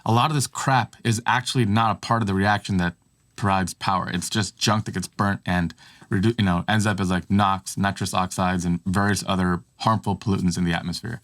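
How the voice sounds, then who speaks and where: A man's voice: deep voice, fairly even intonation, fairly quick, a bit bright. A man co-hosting a casual tech podcast, easygoing and thinking aloud with frequent restarts. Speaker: podcast co-host.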